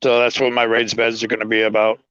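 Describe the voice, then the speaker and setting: A man chatting excitedly and a bit ramblingly with friends on a live video call. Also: on the low side, fast talker, clean tone, no room sound. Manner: excited, rambling, laughs while talking. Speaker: guest homesteader. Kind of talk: casual live-stream chat. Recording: muffled lo-fi call audio.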